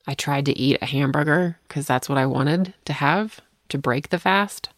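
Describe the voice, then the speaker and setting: A woman's voice: deep voice, moderate pace, no room sound, clean studio sound. A woman co-hosting a casual chat, telling rambling, self-deprecating stories. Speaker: podcast co-host.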